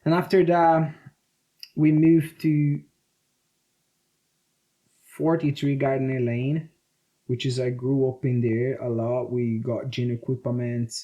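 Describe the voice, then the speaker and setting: A man in his thirties from Brazil with a Brazilian accent, speaking English as a second language, telling animated, swear-filled stories as a podcast guest. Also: medium pitch, slow, pauses often. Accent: Brazilian Portuguese. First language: Portuguese. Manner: swearing, animated, acts out quotes. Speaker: guest, jiu-jitsu coach. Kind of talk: casual storytelling interview.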